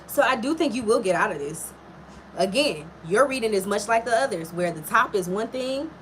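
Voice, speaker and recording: A woman's voice: medium pitch, lively intonation, normal speed, slight background noise. Woman tarot reader, live stream, mid-range voice, blunt and profane, chatty big-sister energy. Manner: frank, profane and chatty, talking straight to a viewer. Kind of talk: casual live tarot reading.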